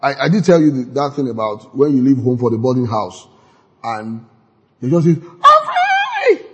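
A man's voice: medium pitch, normal speed, breathy edge. Preaching man in an echoing hall. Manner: animated, acts out quoted voices with sudden shouts. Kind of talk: sermon. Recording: long hall reverb.

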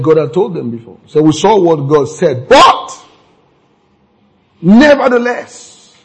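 A man preaching a sermon, with sudden jumps in pitch and words repeated for emphasis. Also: a little mellow, breathy edge, low-quality recording.

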